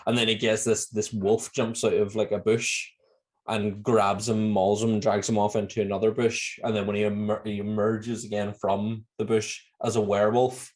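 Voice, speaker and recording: A Northern Irish man co-hosting a podcast in casual chat, laughing often and acting out lines in high voices. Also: level tone, moderate pace, a little mellow. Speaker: podcast co-host.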